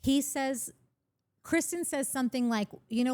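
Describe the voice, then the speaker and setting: A woman's voice: high voice, normal speed, darkish tone. A woman co-hosting a podcast, chatting in a gossipy way and retelling scenes by quoting lines. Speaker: podcast co-host. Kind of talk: casual chat.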